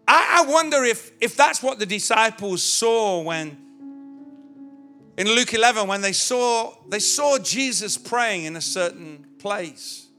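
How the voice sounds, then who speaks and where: Guy pastor preaching in church, slow and bright, soft music behind, chatty with jokes. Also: high-pitched, expressive. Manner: conversational, illustrative preaching with humor. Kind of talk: sermon.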